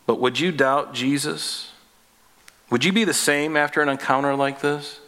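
Speaking at a normal speed with fairly even intonation, a pastor delivers a conversational, folksy sermon full of jokes. He addresses listeners as folks and guys, and his voice climbs higher and louder when he makes emphatic points.

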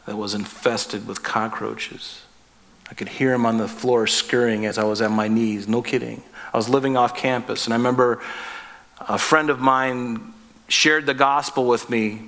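A man's voice: mid-range voice, a bit bright, in a large hall. A man preaching a sermon as pastor, earnest and emphatic, asking the listeners direct questions.

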